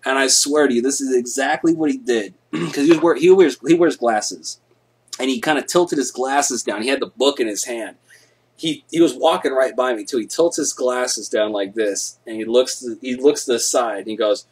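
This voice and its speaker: A young man hosting a live stream, telling stories casually, laid-back, swearing a lot and getting loud when he acts things out. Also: medium pitch, moderate pace, husky.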